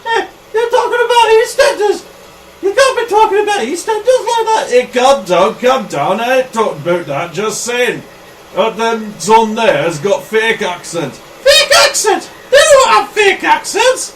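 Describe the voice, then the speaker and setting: A man voicing a hot-tempered young Scouse man with a Liverpool accent who talks in a shouty, squeaky, belligerent way. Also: very animated, a little slow, reverberant, a little hiss or hum, heavily acted. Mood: indignant.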